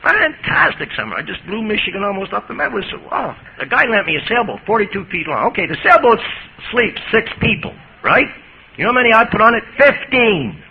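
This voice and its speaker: A male priest giving a lively, folksy talk on recovery to an audience, recorded on an old 1980s tape. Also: high-pitched, a little fast, gravelly, husky. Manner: lively, folksy, jokey storyteller. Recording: muffled 1980s tape with hiss.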